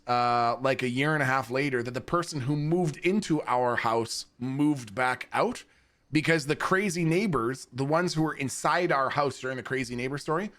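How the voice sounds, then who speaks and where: A man streaming from home and casually telling wild stories to his chat, swearing and laughing often. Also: a little high. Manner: animated, profane, laughing between lines.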